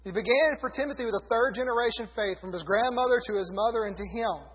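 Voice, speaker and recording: A man's voice: very high-pitched, quick pace, a bit bright. A man preaching a sermon to a congregation, reading scripture aloud and correcting himself as he goes. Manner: conversational, self-correcting, reads scripture aloud. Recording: dull lo-fi recording in a reverberant hall.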